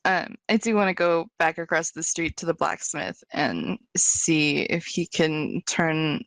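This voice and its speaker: A woman's voice: deep voice, expressive, a little slow, vocal fry, fairly bright tone, dry recording. A woman playing in a tabletop role-playing game, giggly and laughing often. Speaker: player.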